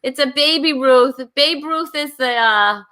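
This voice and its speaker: Chatty woman hosting a candy bar game, laughs a lot, bright voice. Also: high-pitched, measured pace. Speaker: comedy show host. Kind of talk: casual game show banter.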